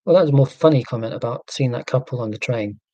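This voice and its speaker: A man's voice: medium pitch, quick pace, dark tone, no echo. A man chatting casually and reading out viewer comments, rambling and wry about himself. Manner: rambling, self-deprecating, wry. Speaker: YouTuber answering viewer comments. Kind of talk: casual rambling live chat.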